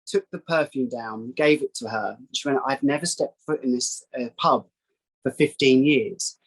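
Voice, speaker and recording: A man, a psychic guest telling a story in casual chat, acting out quoted voices in a higher pitch. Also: fairly bright tone, poor audio. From England.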